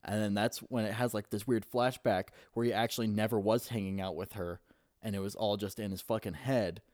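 A man's voice: fairly low pitch, steady tone, a little fast, a little mellow, no echo. Young man, casual chat, rambling retelling, constant swearing, dry close sound.

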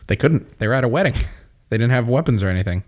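A man's voice: medium pitch, animated, fast, a little mellow. A man chatting casually, rambling and swearing freely, often laughing as he explains things. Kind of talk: casual chat.

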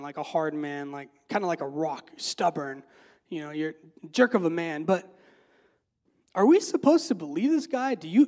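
A man preaching in an easygoing, conversational style has a voice on the high side with a slightly mellow quality. His sermon is loaded with fillers and repeated words, and he frequently asks the audience rhetorical questions.

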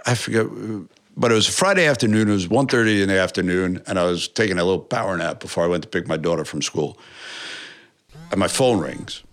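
A man from New York, a musician, talking in a casual interview, animated, swearing often and rambling with many restarts. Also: low-pitched. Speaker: musician guest.

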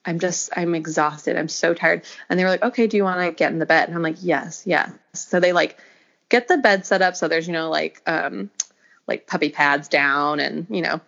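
A woman's voice: low-pitched, moderate pace, gravelly, fairly bright tone. Brief: young woman, podcast guest, chatty filler-heavy storyteller, slightly muffled lo-fi sound. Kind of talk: casual interview. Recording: slightly dull lo-fi audio.

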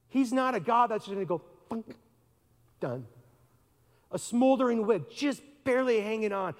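A man preaching a sermon in a conversational way, asking the listeners questions and acting out voices. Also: high-pitched. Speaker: pastor. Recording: long reverb of a large hall.

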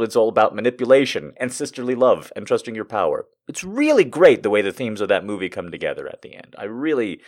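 Man, young adult, podcast host, rambling, crude, self-mocking, lively voice. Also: on the low side. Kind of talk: casual comedic monologue.

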